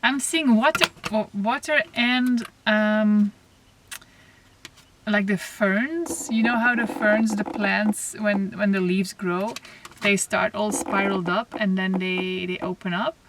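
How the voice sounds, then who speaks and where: A woman giving a spiritual oracle card reading to camera, talking softly and reflectively, with pauses and restarts. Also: medium pitch, steady tone. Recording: slightly distant mic, faint noise.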